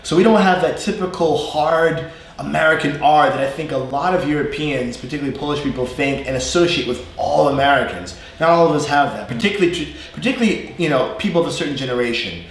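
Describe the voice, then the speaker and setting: A man's voice: fairly high pitch, fast, very echoey, slight background noise. A man from New York with a New York accent, an English teacher telling rambling stories in a casual lesson chat. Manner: rambling storyteller with frequent restarts and laughs.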